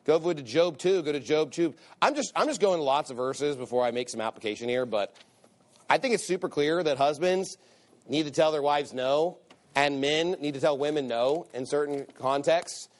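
A pastor delivering a sermon in a somewhat high male voice. He hammers his points with emphatic repetition and reads old-style scripture aloud between them. His pitch climbs as he presses a point. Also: normal speed. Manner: emphatic, repeats phrases for stress; reads scripture aloud in King James wording.

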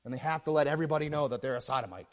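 A man preaching a sermon as pastor, swinging between low muttering and loud shouting. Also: very fast, in a large hall.

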